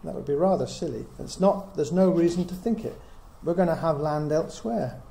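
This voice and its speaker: Speaking briskly in a higher, gravelly voice with a dark tone, a middle-aged man gives an earnest Bible teaching to a small group, reasoning aloud through many rhetorical questions. The room echoes and carries a faint hiss.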